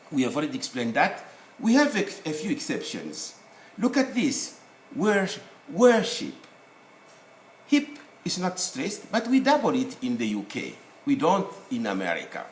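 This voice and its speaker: A man teaches a spelling lesson in a lively, up-and-down voice, working through each rule with examples and spelling out the letters one by one. He sounds roomy and echoey, with a faint hiss behind him. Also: fairly high pitch, unhurried. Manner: explains step by step with worked examples, spells out letters. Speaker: English teacher. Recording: echoey room with faint noise.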